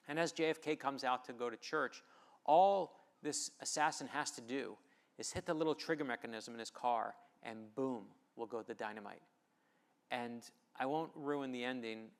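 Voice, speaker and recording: Male author at a festival podium, mid-pitched, keynote storyteller who builds phrases up and lets them fall quiet. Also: gravelly. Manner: storytelling, rising emphatic build-ups; dramatic pauses and quiet drops on key phrases.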